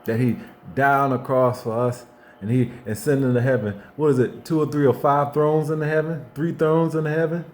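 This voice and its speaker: A man's voice: mid-range voice, steady tone, brisk, a little hiss or hum. Fired-up preacherly man talking faith. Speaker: motivational faith speaker. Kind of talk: unscripted faith monologue.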